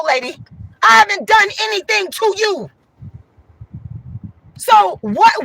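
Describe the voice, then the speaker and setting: A woman venting loudly and emphatically to her viewers, repeating herself as she talks. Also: very high-pitched, vocal fry, poor audio. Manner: loud, emphatic and repetitive. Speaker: vlogger.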